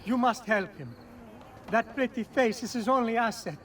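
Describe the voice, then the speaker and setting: A man's voice: extremely high pitch, lively intonation, normal speed, a bit bright. An actor voicing an easygoing young nobleman teasing his brother in a wry, joking way. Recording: distant game audio.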